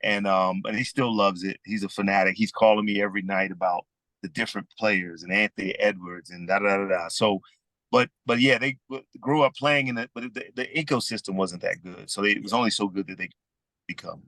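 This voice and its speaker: A man in his fifties with a Southern US accent, chatting easily as a podcast guest and telling stories in a relaxed way. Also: on the low side, brisk, no echo. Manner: easygoing storyteller, calls people "man". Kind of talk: casual conversation.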